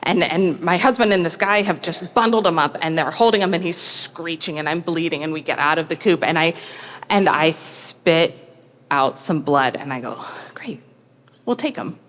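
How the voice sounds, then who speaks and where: A woman telling a true story on stage in a wry, self-mocking, animated way. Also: low-pitched, moderate pace, slight background noise. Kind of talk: live comic storytelling. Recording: long hall reverb.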